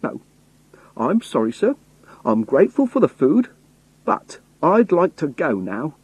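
A man takes on a cornered young man posing as a sailor, pleading and protesting. His voice climbs well above the narration, husky and full of urgency. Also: a little high, very animated, a little slow, darkish tone, no room sound, pitched above the performer's own voice, full character voice, rough recording. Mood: pleading, angry. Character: hunted young man faking a rough sailor.

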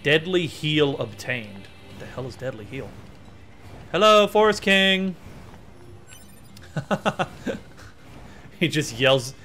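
A man streaming a video game, talking in a slightly high voice that jumps around in pitch. He rambles and gets excited as he plays, and soft game music runs underneath him. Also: slow pace, pauses often. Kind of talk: let's play commentary. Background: faint game music.

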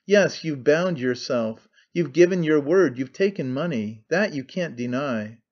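A man reading a sly, excitable young schemer. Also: a little high, muffled recording. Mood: pressing. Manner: fast-talking, wheedling, sly. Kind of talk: audiobook character reading.

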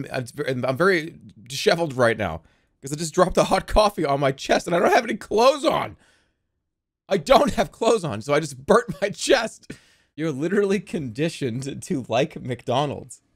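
Excitable rambling man, jumpy lively pitch. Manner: rambling, excitable, often laughing at himself. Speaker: streamer. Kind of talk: casual live-stream chat.

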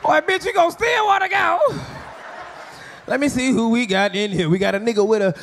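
A man roasting a live crowd as a stand-up comedian, loud and brash, often shouting his jokes on a club stage. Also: very high voice, normal speed, slight background noise. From Atlanta, US.

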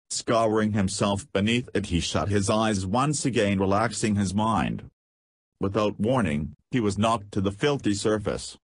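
A man's voice: on the low side, slightly rough, no room sound. A man narrating an audiobook, reading in a scripted way and voicing punctuation marks aloud.

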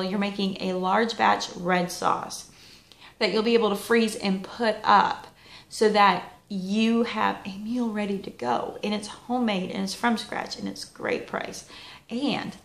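A woman giving casual, chatty wellness advice as a vlogger, folksy and lively with plenty of asides. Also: mid-range voice, creaky, roomy sound. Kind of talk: casual motivational talk.

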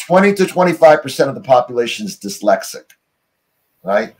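A man's voice: medium pitch, very animated, fairly quick, a little mellow. A middle-aged American man, an interview guest, telling stories in a rambling way full of "you know" and restarts over a remote call. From United States. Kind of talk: casual interview storytelling.

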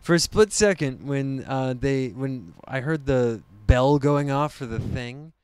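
A man's voice: mid-range voice, a little slow, background noise. A man co-hosting a podcast, reacting to a movie trailer in casual, rambling chat and slipping into mock voices. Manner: excitable, rambling, puts on mock voices when retelling. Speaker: podcast co-host.

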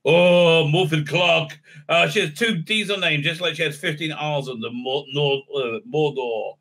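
A man with a fairly high, bright and forceful voice delivers a sarcastic solo review rant. He swears freely and rambles through many fillers and restarts. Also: moderate pace. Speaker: video reviewer.

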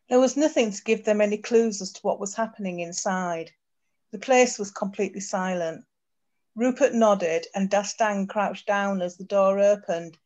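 A woman author reading her fiction aloud on a video call, with steady narration and occasional slips. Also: mid-range voice. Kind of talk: storybook reading. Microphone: computer mic on a video call. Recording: dull lo-fi video call audio.

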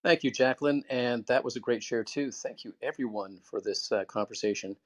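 A man's voice: mid-range voice, fairly quick. A man hosting an online audio room, explaining in an earnest, teacherly way and acting out example phrases with shifting word stress. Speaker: host and moderator. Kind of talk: conversational advice talk.

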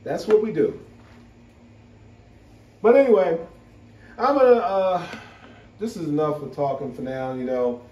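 A man chatting casually to camera as a vlogger, animated and laughing often. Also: fairly high pitch, unhurried, pauses often, lo-fi sound. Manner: animated, laughing, full of "you know". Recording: roomy, from a distance.

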